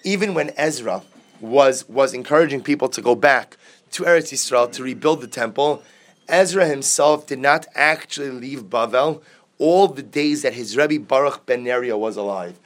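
A man's voice: mid-range voice, normal speed. Male Talmud teacher, explains each passage, rhetorical questions, daily class. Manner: reads Aramaic text then explains it, with repeated rhetorical questions.

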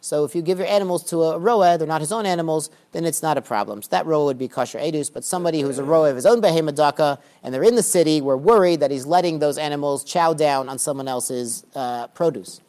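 Slowly reading out Aramaic passages, a man leads a Talmud lesson and unpacks them in relaxed English, with the odd deadpan joke. His voice is a touch high with a somewhat dark tone.

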